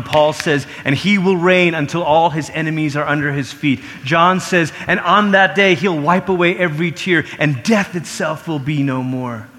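A man preaching a sermon, talking in an animated way and acting out quoted voices with big swings. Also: on the high side. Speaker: pastor. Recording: long reverb of a large hall.

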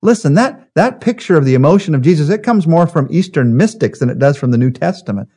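A man preaching a sermon as pastor, earnest, slowing and softening on key phrases. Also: on the high side, animated, slightly rough.

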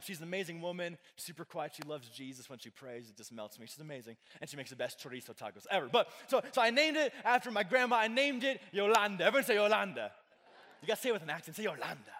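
A man's voice: on the high side, fairly bright tone. A young man giving a casual youth sermon, chatty, full of fillers and joking with the crowd. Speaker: youth pastor. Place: church hall with a live audience. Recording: long hall reverb.

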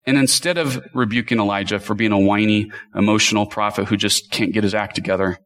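A man preaching an earnest, passionate sermon. He drops into chatty asides to the congregation and shifts between quick runs and slow, stressed words. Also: on the low side, steady tone, fairly bright tone, low-quality recording. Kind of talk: expository sermon.

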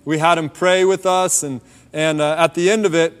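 A man telling a personal faith story in a relaxed, conversational sermon, dropping softer on key points. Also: on the high side, normal speed, clear, resonant tone. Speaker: preacher sharing a testimony. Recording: long hall reverb.

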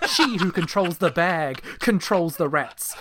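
A man's voice: on the high side, expressive, unhurried, fairly bright tone, voice pushed up. Gloating grimy villain lady, ex-mayor gone rogue, a kiwi guy doing her, big speechy threats. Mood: menacing. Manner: grandiose villain monologue. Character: villainous ex-mayor woman, hunched, muck-covered, gloating.

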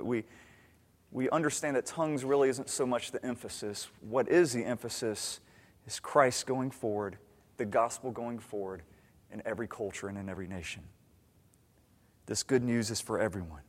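A man's voice: mid-range voice, normal speed. A man preaching a sermon in a conversational way, often stammering and restarting his sentences. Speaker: pastor. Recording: long hall reverb.

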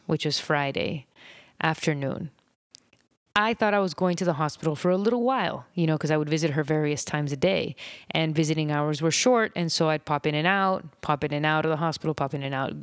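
A woman hosting her own podcast, talking in a reflective, rambling way with soft laughs and long pauses, unedited. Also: deep voice, no room sound, clean studio sound. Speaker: podcast host. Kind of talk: unedited personal podcast monologue.

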